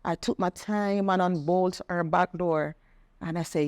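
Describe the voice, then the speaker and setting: A woman's voice: fairly low pitch, measured pace, no echo. Earnest woman telling her story. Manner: earnest storytelling, animated when quoting others. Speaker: podcast guest sharing testimony. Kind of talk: personal testimony in conversation.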